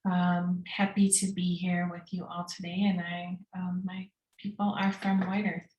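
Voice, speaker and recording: A woman's voice: on the low side, little pitch movement, unhurried, highs cut off. Earnest woman panel lead, casual and searching, roomy video-call sound. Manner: earnest, frequent fillers and restarts. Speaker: executive director, panel opener.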